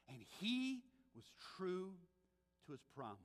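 A man's voice: high-pitched, big pitch swings, takes it slowly, fairly bright tone. A man preaching a sermon as pastor, telling the story with animation and acting out the voices he quotes. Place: church sanctuary. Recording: long church reverb.

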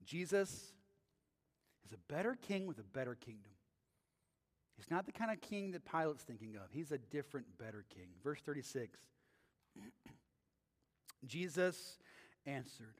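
A man's voice: medium pitch, sing-song, unhurried, long pauses. A male pastor preaching a sermon in a conversational way, often checking in with the audience with "right?", in a church sanctuary with long reverb.

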